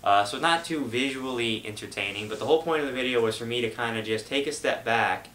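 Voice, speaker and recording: A man's voice: medium pitch, quick pace, a bit bright, echoey room. A young man hosting his gaming channel, giving a rambling, casual update full of fillers. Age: young adult. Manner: rambling, loose, lots of fillers. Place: home room.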